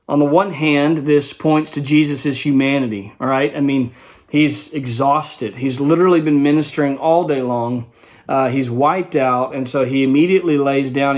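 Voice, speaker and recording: Brief: male Bible study teacher, relaxed explanatory tone, voice sitting a bit high. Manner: conversational, explains verse by verse with rhetorical check-ins.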